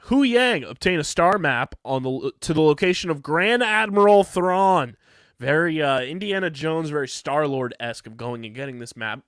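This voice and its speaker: A man's voice: on the high side, clear, resonant tone, no echo, studio quality. A man hosting a podcast, reading ads and reviewing an episode with enthusiasm while tired late at night. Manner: energetic, enthusiastic, fast ad reads. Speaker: podcast host.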